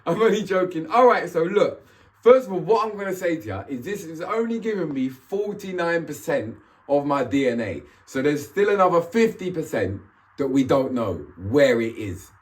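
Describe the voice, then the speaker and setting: Young vlogger, bouncy lively pitch, playful and slangy, casual to-camera chat. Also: male voice, normal speed. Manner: animated, joking, slangy.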